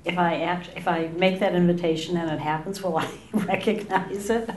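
A woman's voice: on the low side, fairly even intonation, normal speed, echoey room, a little hiss or hum. A woman at a retreat asking a tentative, hesitant question. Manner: hesitant, tentative, laughs nervously.

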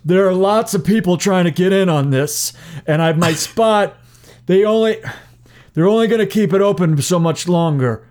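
A man's voice: high voice, normal speed, darkish tone, natural voice. A man voicing a flustered young woman runner who hesitates and keeps asking questions.

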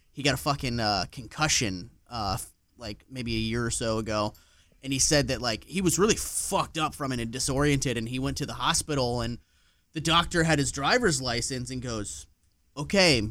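A man's voice: mid-range voice, dry recording. A man co-hosting a podcast, telling stories in casual chat and swearing freely. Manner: swears freely, animated storytelling. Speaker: podcast co-host.

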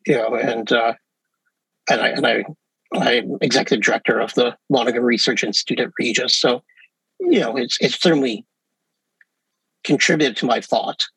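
A man's voice: mid-range voice, moderate pace, pauses often, fairly bright tone, slightly rough, no echo, rough recording. A man with an English Canadian accent, a professor chatting easily as an interview guest, with many fillers and restarts. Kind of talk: casual interview talk.

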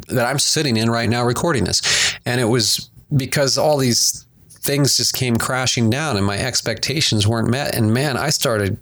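A man hosting a podcast, telling a personal story from home in an animated, emphatic way and acting out his own past reactions. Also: medium pitch. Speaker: podcast host.

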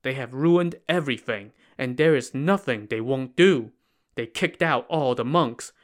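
Man playing feeble old monks, hungry and pleading, soft and tired. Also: mid-range voice, unhurried, close to an everyday voice. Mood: weary. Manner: pleading, weary. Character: starving frightened old male monks.

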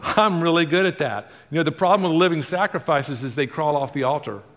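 A male pastor preaching a sermon to a congregation, drawing responses and swinging from loud emphasis to hushed. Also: fairly high pitch, fairly quick, long reverb tail.

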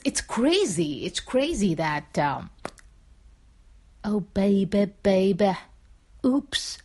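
Rambling woman, lots of fillers. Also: sits low. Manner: rambling, many fillers and restarts; sings pop lyrics in breathy snatches. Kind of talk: casual talk to camera.

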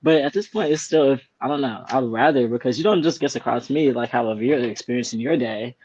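Animated storytelling man, lo-fi sound. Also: medium pitch, a little fast, slightly rough, no room sound. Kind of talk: casual group chat.

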